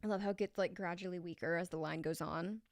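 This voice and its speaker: A woman singer chatting casually on a livestream between vocal takes, reading chat aloud and clearing her throat often. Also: on the low side, steady tone, fast, heavy background noise. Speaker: singer streaming vocal tracking.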